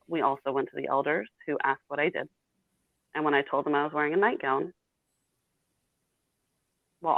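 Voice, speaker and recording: A woman's voice: sits low, vocal fry, no room sound. A woman in her thirties, a guest telling her own painful story candidly and bluntly. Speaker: interview guest. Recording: tinny phone-like call audio.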